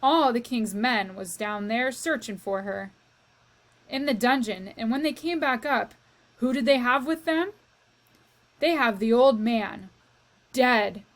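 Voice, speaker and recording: A woman voicing a fierce, mouse-hating female cook in a storybook reading, shouting and wailing her lines. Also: a little high, slow, pauses often. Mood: aggrieved. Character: fierce loud middle-aged female castle cook.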